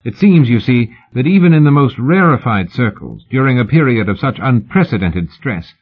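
A man reads the part of a smooth, courteous Victorian gentleman journalist, mild and ingratiating in every phrase. His medium-pitched voice is pushed up a bit and husky, with lively intonation and a moderate pace, and the audio sounds thin and narrow like a phone line.

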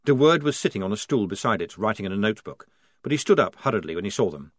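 Male narrator, wry and expressive, dry studio recording. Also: fairly low pitch, fast, no echo. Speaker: audiobook narrator. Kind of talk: scripted narration.

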